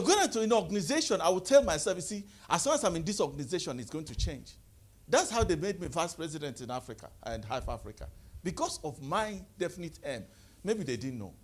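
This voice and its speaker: A man giving a lively motivational talk to a live audience, calling out questions and having the crowd answer. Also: slightly rough. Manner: call-and-response, rising to high exclaims. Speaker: motivational speaker.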